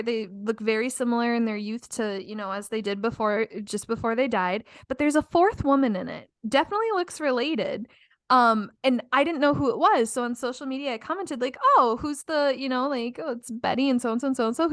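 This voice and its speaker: A middle-aged woman co-hosts a podcast, chatting casually in a high voice, laughing often and using plenty of fillers. The recording is clean studio sound with no room echo.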